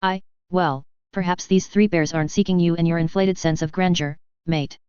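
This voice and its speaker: A woman's voice: lowish voice, steady tone, normal speed, a little mellow, clean tone, no echo, close to an everyday voice. A woman reading the lines of a weary, dryly wry male warrior in a fan fiction story. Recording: slightly dull, dry lo-fi recording.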